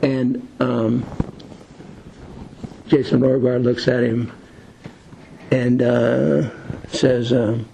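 A man's voice: mid-range voice, level tone, drawn-out words, gravelly, pauses often, warm tone, slight background noise, low-quality recording. A man leading a Bible study lesson in a conversational, rambling way, with many fillers and film scenes retold as illustrations.

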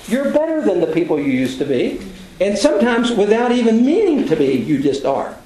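Older man preaching folksy, high-pitched. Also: huge pitch swings, a little fast, mellow, roomy sound, slight background noise, poor audio. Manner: folksy, self-deprecating storytelling. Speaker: Bible class teacher. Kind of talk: conversational sermon.

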